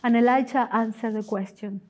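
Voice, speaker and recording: A guest speaker at a church, a woman with a non-native English accent, preaches with earnest emphasis and dramatic pauses as she tells a story. Her voice is a little high, steady in tone, and a little mellow.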